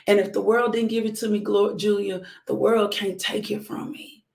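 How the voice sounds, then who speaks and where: A woman's voice: mid-range voice, steady tone, brisk, creaky, few pauses, reverberant. A woman ministry leader, fervently hosting a morning devotional and talking straight to her viewers. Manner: fervent, preachy, calls out to viewers.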